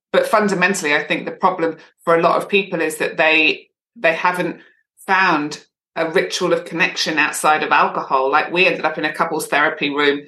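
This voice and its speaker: A woman with a fairly low voice talks openly as a podcast guest. She tells her stories in long, earnest, run-on sentences. The recording has a noticeably roomy echo around her. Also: pushed and bright. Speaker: podcast guest, sobriety coach. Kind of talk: candid conversational interview.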